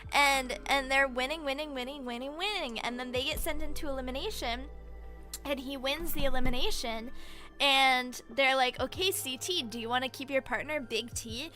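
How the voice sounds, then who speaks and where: A woman streamer in casual chat, excitably rambling through a story with lots of "like". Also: high-pitched. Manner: excitable rambling retelling, heavy use of "like".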